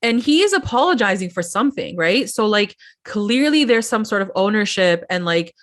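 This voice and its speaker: A woman's voice: mid-range voice, big pitch swings, normal speed. A woman co-hosting a podcast, chatting casually through a reality-TV recap, acting out quotes and saying "like" a lot. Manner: chatty, acts out quotes, many "like"s, laughs often. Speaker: podcast co-host. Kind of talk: casual pop-culture recap chat.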